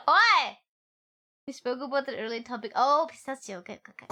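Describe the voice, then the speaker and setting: Playful woman streamer, high and bright, giggly, reads story text and teases chat. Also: animated, moderate pace, pauses often. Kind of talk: game stream, reading story text and chatting.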